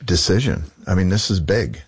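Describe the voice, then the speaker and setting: A man's voice: low voice, expressive, normal speed, slightly rough. A man hosting an interview, asking probing questions and offering supportive interjections. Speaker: host.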